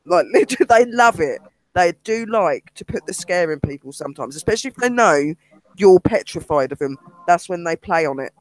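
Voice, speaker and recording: British man, paranormal investigator, animated storyteller, high voice, dry recording. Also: fairly quick, no echo. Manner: animated storyteller, acts out quotes. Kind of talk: casual chat, telling a ghost story.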